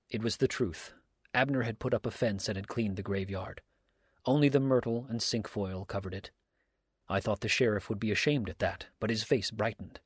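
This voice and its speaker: A man narrating a first-person story aloud in a steady, earnest reading style. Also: on the low side, normal speed, breathy edge, no room sound, studio quality. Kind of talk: audiobook reading.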